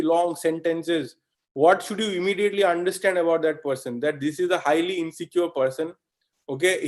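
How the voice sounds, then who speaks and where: A man from India gives a live online lesson with a slightly raised pitch. He keeps it conversational, peppering his points with "okay?" and direct questions to the audience, and now and then mimics fast talkers for effect. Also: a little mellow. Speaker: webinar instructor.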